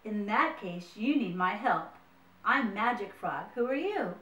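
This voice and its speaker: A woman voicing a wise, kindly female frog who speaks calmly and encouragingly. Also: medium pitch, a little slow, recorded from a distance. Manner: calm, encouraging. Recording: roomy, mic set away.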